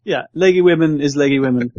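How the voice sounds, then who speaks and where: A man's voice: on the high side, fast talker, a little mellow, dry recording, dull audio. A man in casual podcast chat who swears freely, laughs a lot and acts out characters' lines.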